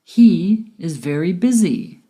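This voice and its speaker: Slow, mellow-voiced woman teaching grammar. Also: lowish voice, animated. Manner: slow, careful, clearly enunciated explanation. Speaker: English teacher. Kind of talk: scripted grammar lesson narration.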